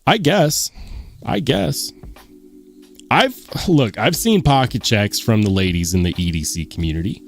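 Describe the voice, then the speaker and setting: A man's voice: medium pitch, big pitch swings, unhurried, gravelly, soft background music. A man hosting a live stream, chatting casually and rambling to his viewers, calling them guys. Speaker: livestream host.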